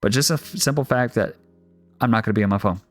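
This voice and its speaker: A man's voice: medium pitch, fast talker, no echo, soft background music. A man hosting a casual podcast chat, blunt and profane, often restarting and repeating his words. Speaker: host.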